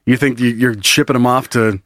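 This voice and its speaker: A man's voice: medium pitch, steady tone, brisk, fairly bright tone, no room sound, clean studio sound. Laughing man riffing on a podcast. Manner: laughs often, builds absurd scenarios. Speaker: podcast co-host. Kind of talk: casual comedic chat.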